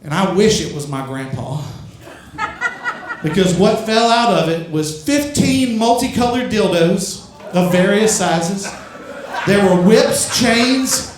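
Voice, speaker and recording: Stand-up comic, young man from Louisiana, high voice, very echoey room, faint background hum. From Louisiana, USA. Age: young adult. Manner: storytelling, swears freely, gets loud and high at punchlines. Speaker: stand-up comedian. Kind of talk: stand-up comedy set. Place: comedy club stage.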